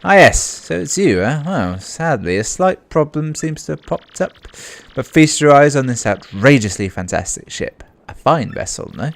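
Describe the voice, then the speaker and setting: A man's voice: mid-range voice, big pitch swings, normal speed, vocal fry, few pauses, voice pushed up. A man putting on a pompous vain ship owner. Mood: boastful. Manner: boastful, grandiose, theatrical.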